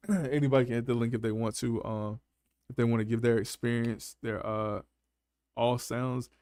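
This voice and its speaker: A man's voice: mid-range voice, fairly even intonation, moderate pace, darkish tone, no echo, clean studio sound. A man hosting a casual live panel chat, laughing often and talking in loose, slangy banter. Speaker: panel host.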